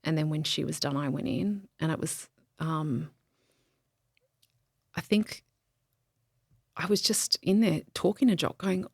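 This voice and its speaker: A woman speaks in a lowish, gravelly voice, telling a personal story as a podcast guest. She talks haltingly, often pausing, saying "um" and starting over. The sound is close and dry, with no room around it. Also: darkish tone, dry recording. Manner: halting, many ums and restarts. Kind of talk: emotional interview, personal story.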